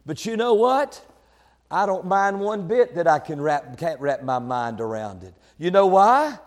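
A male preacher delivering a sermon, swinging between quiet, conversational asides and loud, shouted proclamations. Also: sits high, sing-song, a little slow, big-room sound.

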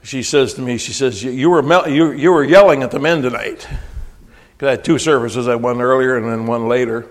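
A male preacher giving a folksy, emphatic sermon, often rising to near-shouting when he quotes scripture. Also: medium pitch, brisk. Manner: folksy, with frequent restarts and asides. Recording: long hall reverb.

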